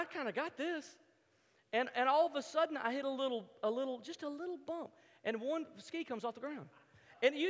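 A man telling a humorous personal story to an audience, animated, stumbling over repeated words and acting out his own thoughts. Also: very high-pitched, in a large hall.

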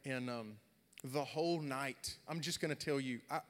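A young adult man preaching a sermon, swinging from loud, animated storytelling to quiet, earnest talk. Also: medium pitch, normal speed. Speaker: pastor. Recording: long hall reverb.

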